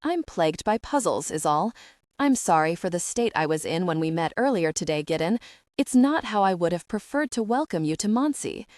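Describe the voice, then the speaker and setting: A woman's voice: on the low side, expressive, normal speed, darkish tone, dry recording, clean studio sound, lightly acted. A woman reading the part of an anxious, exhausted eighteen-year-old queen, earnest and flustered. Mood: apologetic. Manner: earnest, flustered inner monologue.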